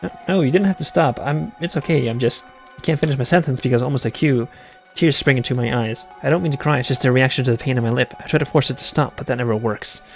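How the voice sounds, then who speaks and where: A man's voice: medium pitch, fast talker, faint music behind, natural voice. A man voicing a shy, earnest young woman guide in a visual novel, speaking hesitantly with stammers. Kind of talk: reading a visual novel aloud.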